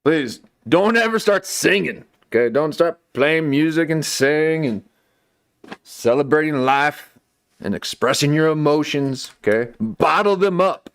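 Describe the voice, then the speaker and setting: A man's voice: on the high side, animated, a little slow, clear, resonant tone. A man hosting a late-night commentary stream, talking in a sarcastic, rambling way and often tacking on "okay" and "folks". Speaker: live stream host.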